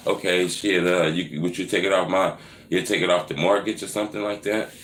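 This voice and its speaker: A man in his thirties hosting a casual live Q&A, answering viewer questions with profane, teasing banter that swings into loud mocking rants. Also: low voice, fairly even intonation, brisk, roomy sound, a little hiss or hum. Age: 30s.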